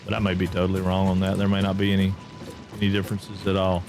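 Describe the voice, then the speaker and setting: A man's voice: low-pitched, completely flat delivery, fast, music in the background. A man giving chatty, folksy commentary as he streams a game live and talks with his chat.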